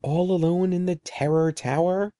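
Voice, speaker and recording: A man voicing a young girl, an older sister who calms and gently teases her little brother. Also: sits high, moderate pace, no echo, studio quality, pitched above the performer's own voice, natural voice. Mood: teasing. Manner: reassuring, gently teasing.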